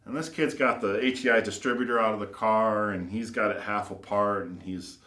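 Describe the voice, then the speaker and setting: Low-voiced man telling rambling stories. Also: steady tone, fairly quick, bright, forceful tone. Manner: rambling, filler-heavy, acts out quoted voices. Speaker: custom car builder and shop owner. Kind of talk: casual anecdotal storytelling. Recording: roomy echo.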